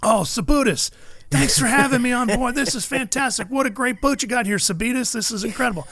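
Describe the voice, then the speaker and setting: A man's voice: brisk, no echo, full character voice. A man doing a brash, yelping racing champ. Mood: brash excited. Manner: excited, blurting, high-pitched. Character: brash loud male racing champion, scatterbrained.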